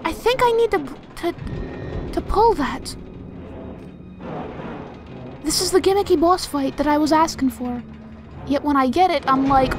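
A woman hosts a let's play with casual gameplay commentary, reacting in a jumpy, excitable way, restarting a lot, and now and then whispering softly. Her voice sits high and her pace is moderate, with long pauses, and music plays underneath.

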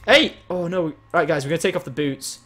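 A man giving excitable live gameplay commentary as a game streamer, chatting with and thanking his viewers. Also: a little high, fast.

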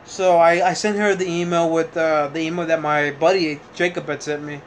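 A young man talks straight to his camera in a loose, rambling vlog, restarting sentences and piling up fillers as his frustration shows. His voice sits a little high for a man, and a faint hum of room noise runs under it. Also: level tone, moderate pace. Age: young adult. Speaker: vlogger. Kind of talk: casual vlog monologue.

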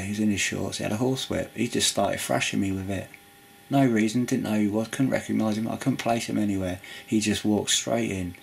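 A Christian video preacher with a low, gravelly voice, recorded with a little hiss or hum, gives an informal spoken testimony and sermon on forgiveness. He is earnest and rambling, full of restarts, asides and frequent "you know".

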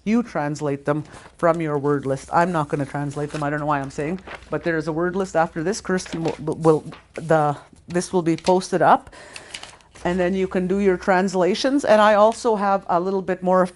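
A middle-aged woman teaches language on a recording, her lowish voice steady and darkish. Patiently, she goes slowly over words again and breaks explanations into steps.

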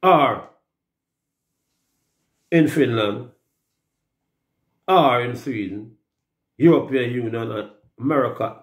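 A man with a Jamaican accent on a loud, mocking, profanity-filled rambling rant. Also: medium pitch, measured pace, long pauses. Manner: loud, cursing, mocking, laughing. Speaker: music artist. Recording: roomy echo.

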